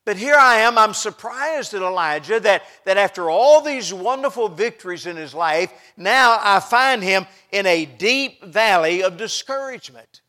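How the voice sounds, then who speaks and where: A middle-aged man delivers a sermon in a noticeably high voice. He preaches with passion, rising to loud outbursts and then dropping to hushed asides. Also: expressive, normal speed, few pauses.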